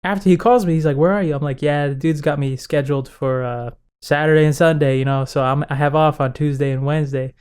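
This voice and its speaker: Animated young man, higher voice. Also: fast, few pauses, clear, resonant tone. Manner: animated storyteller, acts out quotes, laughs often. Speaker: podcast co-host. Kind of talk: casual chat.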